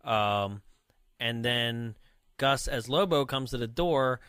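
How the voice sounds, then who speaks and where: Bright-voiced rambling male podcast co-host. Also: mid-range voice, expressive, takes it slowly, clean tone, dry recording, clean studio sound. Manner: rambling, lots of 'like' and 'right?'. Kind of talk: casual chat recapping a film.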